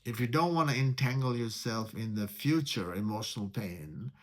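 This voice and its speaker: A man teaching meditation in a spiritual talk. He speaks deliberately, repeats key words, and poses rhetorical questions. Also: mid-range voice, lively intonation, a bit bright.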